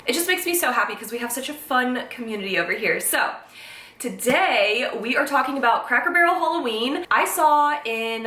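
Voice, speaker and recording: Young female vlogger, bright higher voice, gushing unboxing chat, mic at a distance in an echoey room. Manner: gushing, excitable, emotional. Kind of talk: casual unboxing vlog.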